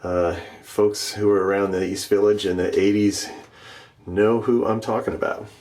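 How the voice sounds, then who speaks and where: A middle-aged man walking through his house, fondly describing his art with many pauses and fillers, his voice dropping softly at the end of thoughts. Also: lowish voice, flat delivery. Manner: warm, fond, many fillers, trails off softly at ends of thoughts. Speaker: vlogger giving a home art tour. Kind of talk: casual home tour narration. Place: inside his house, moving through rooms.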